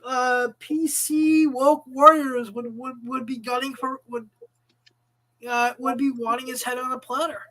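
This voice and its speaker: A man with a very high voice talking on a casual podcast. He stumbles and restarts his sentences, repeating words before getting them out. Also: level tone, pushed and bright, poor audio. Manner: halting, stammering, repeats words. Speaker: podcast co-host. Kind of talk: casual chat.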